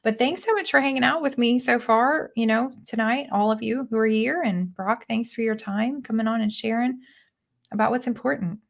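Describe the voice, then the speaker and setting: A woman's voice: fairly high pitch, normal speed, creaky. A woman from Missouri hosting a casual live-stream chat, chatty and laughing often, heard over a video call. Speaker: host.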